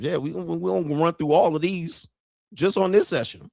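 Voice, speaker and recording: A man's voice: fairly high pitch, brisk, creaky, no echo, studio quality. Profane, joking male commentary host. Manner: profane, joking, animated storytelling. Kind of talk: casual commentary.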